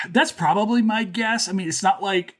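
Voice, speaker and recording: A man from Louisiana hosting a podcast, chatting casually with animated, joking asides. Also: sits high, moderate pace. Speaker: podcast host. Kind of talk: casual chat.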